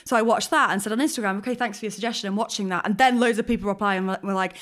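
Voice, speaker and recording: Woman co-host, casual chat, chatty storyteller, laughs often, mid pitch. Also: fast, a bit bright. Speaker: podcast co-host.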